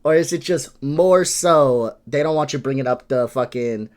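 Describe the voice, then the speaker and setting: A man's voice: medium pitch, moderate pace. A man hosting a reaction video, ranting in a frustrated, profane, lecturing way. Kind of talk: ranting commentary.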